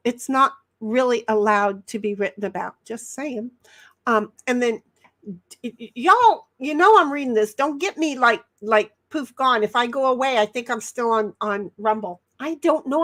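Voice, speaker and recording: Casual livestream host, female, fairly high voice, rambling chatty delivery reading viewer comments. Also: expressive, measured pace, fairly bright tone. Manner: rambling, reads chat messages aloud, frequent restarts. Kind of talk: casual chat.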